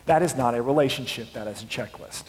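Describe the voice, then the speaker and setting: A male pastor preaching a sermon, dropping to a hush and then rising to passionate shouting. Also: medium pitch, fast talker. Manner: swings from hushed to impassioned shouting. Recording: long hall reverb.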